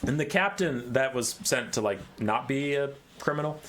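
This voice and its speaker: Dude rambling through a story recap, swears a lot, backtracks constantly. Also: male voice, mid-range voice, moderate pace, a bit bright, slight background noise. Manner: rambling, profane, self-correcting.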